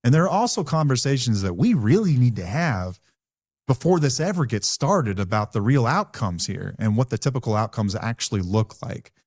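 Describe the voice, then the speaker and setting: A man's voice: mid-range voice, sing-song, moderate pace, a little mellow, dry recording, clean studio sound. A man co-hosting a podcast, speaking in a candid, blunt and earnest way about recovery from his own experience. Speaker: podcast co-host. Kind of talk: candid conversational podcast talk.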